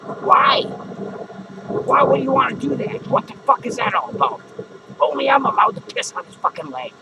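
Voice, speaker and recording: Man doing a drunk clown, gravelly, high-pitched, foul-mouthed, slurring, rambling, comedy monologue. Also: big pitch swings, normal speed, highs cut off, very noisy, full character voice. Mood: indignant ranting. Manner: slurring, rambling, swearing constantly. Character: drunken foul-mouthed adult male clown, hot-tempered. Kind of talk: improvised character comedy monologue.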